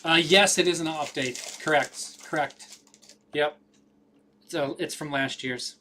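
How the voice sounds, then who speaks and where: A man's voice: a little high, slow, pushed and bright, slight background noise. A man hosting a live card break, rattling off names with casual running commentary.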